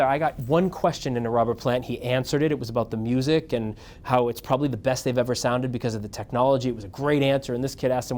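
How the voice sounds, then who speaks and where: A middle-aged man, a news anchor, telling career stories to an audience in a casual, animated way and acting out the voices he quotes. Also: medium pitch, quick pace. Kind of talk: casual storytelling talk to an audience.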